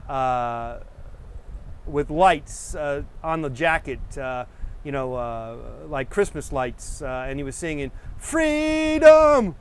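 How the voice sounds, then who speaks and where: A man's voice: medium pitch, steady tone, takes it slowly, smooth. A middle-aged man hosting a painting show, chatting casually and drifting from one story to the next. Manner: rambling, digressive, easygoing. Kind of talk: casual rambling chat to viewers.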